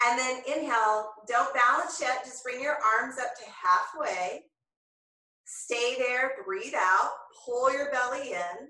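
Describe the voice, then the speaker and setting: Slow, bright-voiced woman leading yoga. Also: sits high. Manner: slow, calm cueing of breath and movement. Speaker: yoga instructor. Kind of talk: guided yoga class. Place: home room, filmed on own camera. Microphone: camera mic at a distance. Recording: very echoey room, voice far from the mic.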